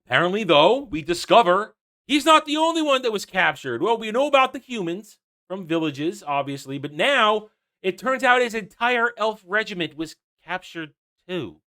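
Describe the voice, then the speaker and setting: A man's voice: sits high, big pitch swings, moderate pace, sharp tone. A man giving a casual, sarcastic episode review, mocking and ranting with frequent laughs. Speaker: TV show reviewer.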